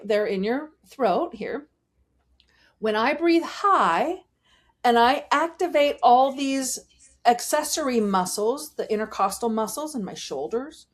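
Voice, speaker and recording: Animated woman vocal coach. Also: high-pitched. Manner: animated, demonstrates voice techniques while explaining. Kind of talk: interview, explaining voice technique.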